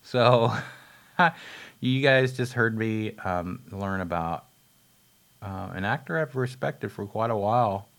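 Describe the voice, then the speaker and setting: A man with a very low voice talks loosely about a movie, stumbling through fillers and restarts. He drifts off on tangents and laughs at his own slips, with an easy, offhand swear here and there. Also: slow, a bit bright. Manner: rambling, many fillers and restarts, laughs at himself; swears casually. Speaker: film reviewer. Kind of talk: rambling casual movie talk.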